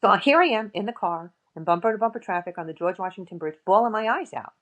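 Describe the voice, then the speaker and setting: A middle-aged woman shares heartfelt personal stories as a podcast guest. Her voice sits at an ordinary middle pitch. She tells her stories in an animated way and acts out the voices of the people in them. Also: fast, dull audio. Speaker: guest, author and paranormal investigator. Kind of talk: emotional personal storytelling in a podcast interview.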